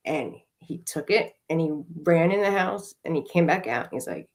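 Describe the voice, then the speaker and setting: A woman in middle age, speaking on a podcast about her recovery. Her voice sits low, and she tells her story rawly and honestly, swearing freely and leaning on fillers. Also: moderate pace. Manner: raw and emotional, frequent swearing and fillers. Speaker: podcast co-host.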